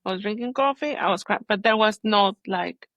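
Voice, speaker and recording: A holistic healer, appearing as a podcast guest, talks candidly through her personal story in a fairly quick, mid-range, fairly bright voice. She halts and searches for words but stays earnest throughout, and the recording is muffled and dry, with no room around her voice.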